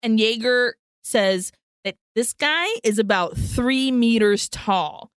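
Lady doing a movie recap, higher voice, acts out all the characters, dry close mic. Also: slow, clear, resonant tone, no echo. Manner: animated storytelling, switching between English and Spanish, putting on character voices. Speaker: podcast co-host recapping a film. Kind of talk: casual comedic film recap.

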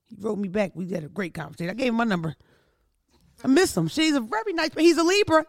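A woman hosts her own podcast in a brash, profane comedic monologue, spinning stories with sudden outbursts. Her voice has a gravelly, fried texture and swings widely in pitch. The sound is dry and close, with no room behind it. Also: very animated, fast, no echo. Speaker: podcast host.

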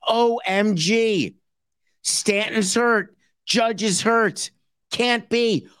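A man putting on a whiny, self-pitying male baseball executive, speaking in a high, incredulous whine with mock-dramatic disbelief. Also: fairly quick, fairly bright tone, natural voice.

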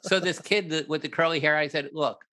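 An older man, a film director, telling a story in an interview, animated and acting out what others said. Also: on the high side, fairly quick. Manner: animated, acts out other people's lines, laughs at his own story.

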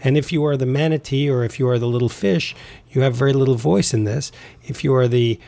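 A man's voice: medium pitch, a little fast, vocal fry, warm tone. A man, a Taoist author, talking as a podcast guest in a rambling way, restarting and repeating words. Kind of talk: casual conversation.

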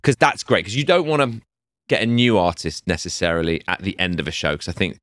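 Man, middle-aged, low voice, dry close sound, animated anecdote-teller, interview guest. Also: fairly quick, dry recording. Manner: lively storyteller acting out quoted voices. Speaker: executive producer, guest.

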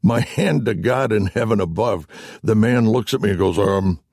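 A lower-pitched man with a gravelly, husky voice swings widely up and down as he spins his anecdotes. He laughs at his own stories in a self-deprecating way, and the sound is close and dry. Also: normal speed, darkish tone, no echo. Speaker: interview guest, voice actor. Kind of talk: anecdotal storytelling in conversation.

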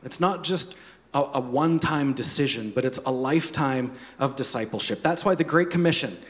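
A man preaching a sermon as pastor, animated, with joking asides and repeated words. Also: medium pitch, moderate pace.

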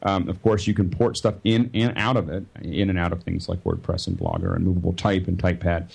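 A man's voice: low voice, animated, fairly quick, creaky, a little mellow, husky. A man on a podcast doing a sponsor read in a loose, rambling way with lots of fillers. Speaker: regular podcast panelist.

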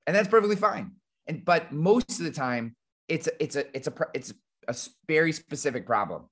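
Over a remote webinar connection, this insurance agency owner and podcast host teaches in a loose, blunt style full of fillers, now and then swearing. He speaks a little fast with a voice on the higher side and lively intonation.

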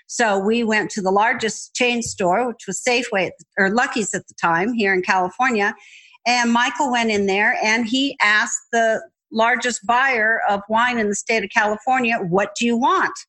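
An older woman, a co-founder, tells the story of her company's start in a casual interview. Her voice sits fairly high. She speaks in a matter-of-fact way. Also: a bit bright. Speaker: wine company co-founder, guest.

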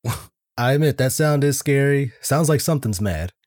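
Laid-back mellow-voiced podcast guy. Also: medium pitch, expressive, normal speed, no room sound, clean studio sound. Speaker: podcast co-host. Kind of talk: casual podcast chat.

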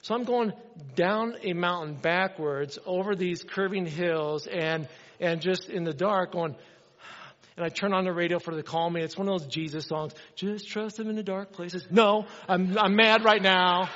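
A middle-aged man preaching a sermon, telling a story with animated energy and acting out the dialogue. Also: high voice, normal speed. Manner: animated, acts out dialogue in his stories. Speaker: pastor. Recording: dull sound with long hall reverb.

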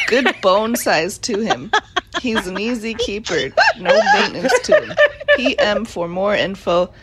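Woman, sleepy morning voice, slow drawl, reading from bed, phone recording. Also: medium pitch. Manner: reads haltingly, drawling, laughs at the text. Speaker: listener sending a recorded ad. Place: in bed at home.

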